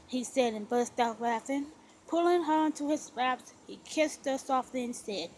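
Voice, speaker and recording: A woman reading a romance novel aloud as narrator in an unhurried, gentle storytelling manner. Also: high voice, a little hiss or hum, rough recording. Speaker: audiobook narrator.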